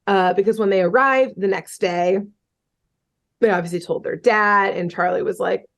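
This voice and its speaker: A woman hosting a podcast, talking at an ordinary middle pitch. She retells a story in a loose, chatty way, full of fillers and casual cursing. The tone stays relaxed and conversational throughout. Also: moderate pace, gravelly. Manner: chatty, swearing, many fillers like "um" and "like". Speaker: podcast host. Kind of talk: casual chat, retelling a cartoon episode.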